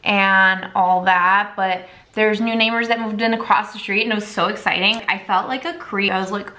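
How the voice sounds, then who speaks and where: A woman's voice: medium pitch, steady tone, normal speed, bright, forceful tone, slight background noise. A young woman chatting casually at home through a makeup tutorial, rambling and now and then baby-talking to her dog. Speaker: makeup vlogger.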